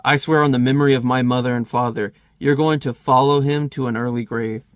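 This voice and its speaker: A man reading the lines of a grim, vengeful male vigilante from a comic, in a cold, measured, threatening way. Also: medium pitch, steady tone, dry recording, lightly acted.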